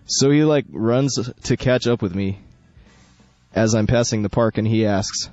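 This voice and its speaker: A man's voice: lowish voice, steady tone, normal speed, a little mellow, no echo. A young man hosting college radio, rambling, joking and correcting himself while he reads a story. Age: young adult. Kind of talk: casual radio chat and reading a story. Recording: dull dry lo-fi studio with faint music.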